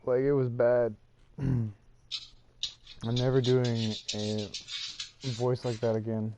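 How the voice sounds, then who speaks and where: A man's voice: mid-range voice, flat delivery, slow, noisy background. A man co-hosting a podcast, chatting casually and jokingly while playing a game. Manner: jokey, loose, laughs often. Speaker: podcast co-host. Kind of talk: casual chat while gaming.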